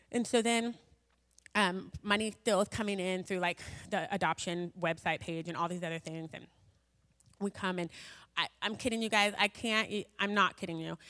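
A woman's voice: on the low side, a bit bright. A woman sharing a personal faith story with a gathering in a chatty way, full of fillers and asides. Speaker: speaker sharing a personal testimony. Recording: long hall reverb.

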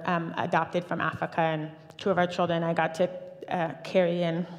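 Woman telling her story in a reverberant hall. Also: fairly low pitch. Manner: animated storytelling with fillers and restarts. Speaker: church speaker giving testimony. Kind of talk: personal testimony talk.

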